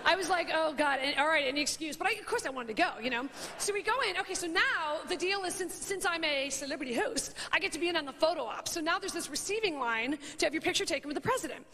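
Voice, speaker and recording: A woman's voice: very high voice, animated, quick pace, bright, forceful tone. A woman in her thirties doing stand-up, rambling and self-mocking as she acts out the people in her story. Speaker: stand-up comedian. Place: stage before a live audience. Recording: audience laughter and faint noise.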